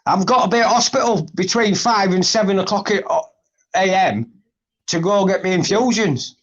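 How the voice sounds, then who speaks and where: A man's voice: high-pitched, moderate pace, a bit bright. A man chatting on a live stream, blunt, sweary and grumbling. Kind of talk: casual live chat. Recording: dull lo-fi stream audio.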